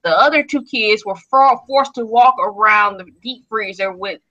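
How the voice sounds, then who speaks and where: A woman's voice: mid-range voice, normal speed, sharp tone. A woman hosting a casual discussion, blunt and outspoken in an indignant tone. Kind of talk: casual chat. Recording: dull lo-fi sound.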